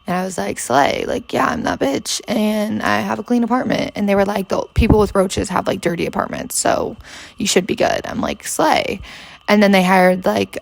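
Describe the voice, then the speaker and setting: A woman's voice: mid-range voice, gravelly. A woman in her twenties, hungover, chatting casually and rambling with lots of fillers and swearing as a podcast host. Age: 20s. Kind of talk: casual chat. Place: her bedroom.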